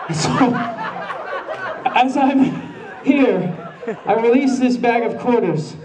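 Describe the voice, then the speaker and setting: At a convention panel, a man with a high-pitched, expressive voice recounts a comic anecdote at a measured pace with long pauses, acting out his panic in quoted bits. A crowd can be heard behind him, and the recording comes from a distant camera in the audience.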